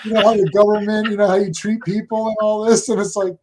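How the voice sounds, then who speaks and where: Woman just chatting on a podcast, animated storyteller, keeps going "i'm like". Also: medium pitch, fast. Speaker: podcast co-host. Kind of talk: casual chat.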